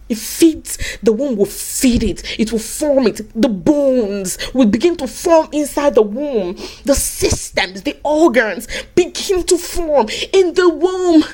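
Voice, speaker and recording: A woman preaching a sermon in an animated way, swinging from soft asides to high cries and acting out the voices in her stories. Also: husky. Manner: acts out quoted voices in her teaching.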